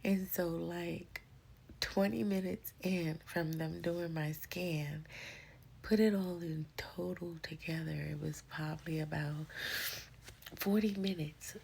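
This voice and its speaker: A woman telling a personal story in a casual, slangy way, often sinking into breathy whispers. Her voice sits a little low and sounds husky and gravelly. She takes her time with every line. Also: fairly even intonation, takes it slowly, darkish tone.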